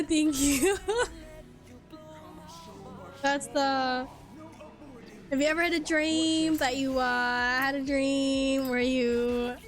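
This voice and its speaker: A young woman who is a native Swedish speaker, live-streaming a game into a headset mic, chatty and animated, swearing freely and laughing often. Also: sits high. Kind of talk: casual live-stream chat.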